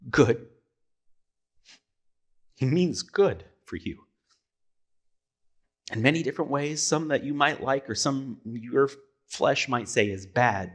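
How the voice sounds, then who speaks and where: A man delivers a sermon from the pulpit in a relaxed, conversational way. His voice sits a little low, and he keeps asking rhetorical questions and correcting himself mid-sentence. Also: breathy edge. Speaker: pastor.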